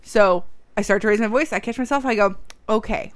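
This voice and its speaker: A woman's voice: medium pitch, fast, dry recording. A woman co-hosting a casual parenting podcast, telling stories about her kids and teasing her partner. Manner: storytelling, teasing, laughs often. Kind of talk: casual chat.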